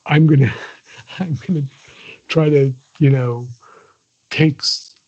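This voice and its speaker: A man's voice: fairly high pitch, fairly even intonation, slow, darkish tone. An older man, a guest in a casual interview, talking in a digressive way with many restarts and chuckles. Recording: dull lo-fi audio.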